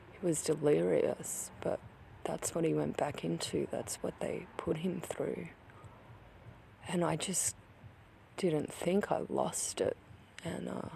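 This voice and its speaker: A vlogger recounting a personal account, upset and grieving, halting with many restarts and sometimes dropping to a whisper. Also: medium pitch, creaky, darkish tone, a little hiss or hum.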